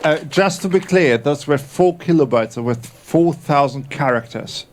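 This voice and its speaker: A man hosting a live event, casual and halting, with many fillers and restarts. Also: a little high, slight background noise. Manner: halting, filler-heavy, self-correcting. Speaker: event host introducing entries.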